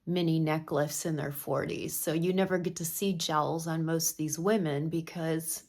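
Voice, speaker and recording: A woman's voice: deep voice, steady tone, normal speed, a little mellow. A middle-aged woman chatting through a makeup tutorial as a makeup artist, opinionated and talking while she works.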